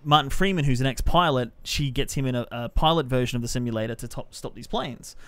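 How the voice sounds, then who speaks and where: A man co-hosting a podcast, chatting casually about a film and acting out scenes in quick quoted voices. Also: medium pitch, no echo. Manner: animated, retells scenes in acted-out quotes. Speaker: podcast co-host.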